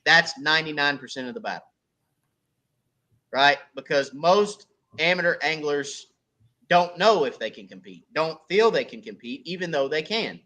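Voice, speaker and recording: A man from the United States chats casually about running a fishing club. His voice sits fairly high and bright. He tells stories with lively quoted dialogue. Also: normal speed. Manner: storytelling, animated when quoting others. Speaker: crappie club organizer. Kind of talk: casual podcast chat.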